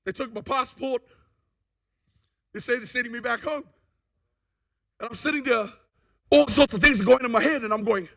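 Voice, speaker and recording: Testimony speaker: man, very high and bright voice, lively storyteller. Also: normal speed, vocal fry, pauses often. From New Zealand. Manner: animated storyteller who acts out what people said. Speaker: guest speaker giving a testimony.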